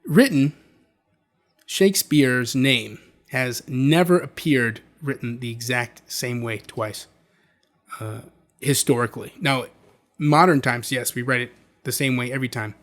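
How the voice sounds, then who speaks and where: A man's voice: mid-range voice, measured pace, pauses often, fairly bright tone. A man hosting a video, explaining in a casual, conversational way with frequent restarts. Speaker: video host.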